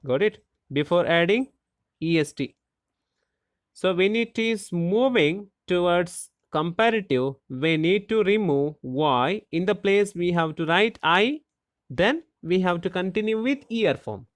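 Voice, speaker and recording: A teacher explaining a grammar lesson slowly and deliberately, asking rhetorical questions and spelling out letters. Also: medium pitch, expressive, dry recording.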